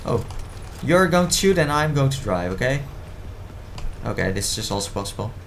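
A man's voice: medium pitch, big pitch swings, moderate pace, creaky, a little hiss or hum. A man commentating his own gameplay in a playful, easily exasperated way, often stammering and repeating words. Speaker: gaming commentator.

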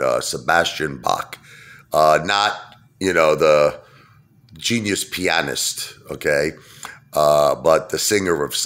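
A man's voice: extremely low pitch, fairly bright tone. A man rambling casually to camera about stocks, chatty with lots of fillers and restarts. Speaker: stock market vlogger.

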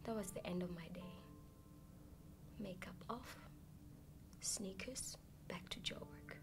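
A South African woman in her thirties, quietly recalling personal memories in a soft, hushed voice as an interview guest. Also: medium pitch, takes it slowly, whispered. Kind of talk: personal recollection. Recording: music playing underneath. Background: music.

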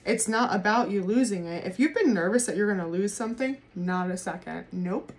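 A woman doing a casual tarot reading to camera, excitable, swearing freely and laughing often. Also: mid-range voice, a little fast. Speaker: tarot reader.

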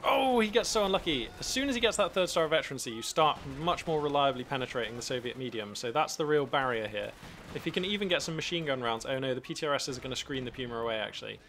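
A man giving animated live commentary on a strategy game from a home streaming setup, thinking aloud with frequent restarts. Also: mid-range voice, quick pace, slight background noise.

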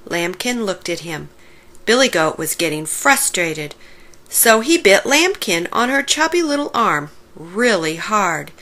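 A woman reading a children's picture book aloud, slowly and expressively. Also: mid-range voice. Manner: slow, warm-paced expressive reading. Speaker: storybook reader. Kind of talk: children's story read-aloud.

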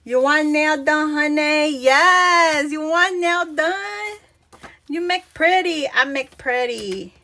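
A woman's voice: slow pace, pushed and bright, exaggerated voice. A woman imitating a bossy, doting mother who speaks broken English with a strong accent. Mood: teasing. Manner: broken English, teasing, high-pitched.

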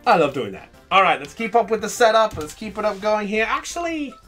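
An excitable game streamer commentates his own play, his high, bright voice swooping up and down as he reacts fairly quickly. He laughs often and calls out to viewers between moments of play, with soft music in the background.

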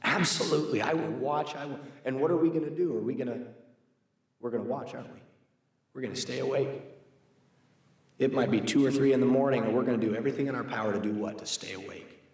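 A man's voice: mid-range voice, fast, pauses often, mellow. A man teaching a church Bible class in a conversational way, reading scripture aloud and asking the class questions. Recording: echoey room, mic far off.

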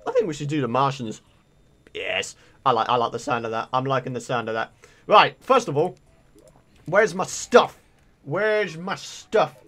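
A young man giving chatty, excitable commentary as he plays through a game, often breaking into exclamations. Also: medium pitch, fairly quick. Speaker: let's play host. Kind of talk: gameplay commentary.

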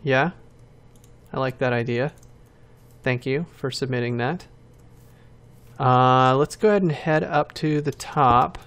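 A man's voice: medium pitch, takes it slowly, pauses often, fairly bright tone, a little hiss or hum. A man hosting a game channel, giving casual commentary while building and thinking aloud, with self-mocking asides.

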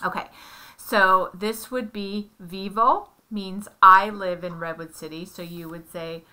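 A bright-voiced woman works through a lesson with one student. She speaks slowly and patiently, building each point step by step with examples. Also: mid-range voice, steady tone. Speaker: tutor.

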